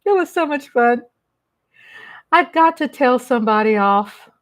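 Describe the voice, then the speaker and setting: A middle-aged woman chatting casually on a live stream, greeting viewers by name with warmth and affection. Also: fairly high pitch, lively intonation, a little slow.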